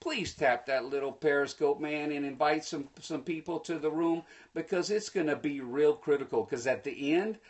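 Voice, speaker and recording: A man giving a live-streamed motivational talk, preachy and energetic, speaking to viewers through a phone. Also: on the high side, moderate pace, hardly any pauses. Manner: energetic, preachy, bursts into excited shouts; folksy, addresses viewers directly. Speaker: motivational speaker hosting a livestream.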